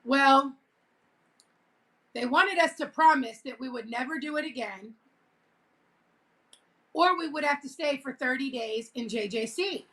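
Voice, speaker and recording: Woman vlogger, high clear bright voice, casual animated storytelling. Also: unhurried, pauses often. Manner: laughing, animated retelling with quoted voices.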